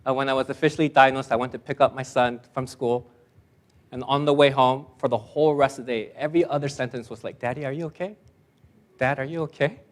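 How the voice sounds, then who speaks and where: Self-deprecating pastor, emphatic at the close. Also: male voice, medium pitch, steady tone, fast. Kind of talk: sermon.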